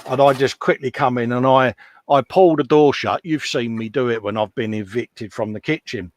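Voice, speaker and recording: Man, middle-aged, jokey and self-mocking, mid pitch, dry close sound. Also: normal speed, no echo. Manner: joking, self-mocking, laughs often. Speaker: live stream host. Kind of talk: casual banter.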